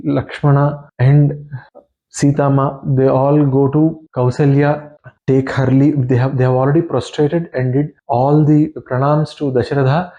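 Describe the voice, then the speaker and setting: A man's voice: mid-range voice, little pitch movement, unhurried, warm tone. A man retelling a sacred epic in an earnest, explanatory way, his voice wearing a little thin. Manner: earnest and explanatory, often addresses the listener. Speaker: devotional scripture reader. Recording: dull lo-fi recording.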